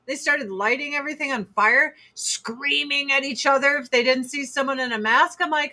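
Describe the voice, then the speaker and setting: A bright, high-pitched woman in her forties holds forth on a casual livestream. She talks bluntly and profanely, slipping into mocking impressions of other people mid-rant. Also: moderate pace. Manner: blunt, profane, animated rants with mocking put-on quotes. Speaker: livestream host.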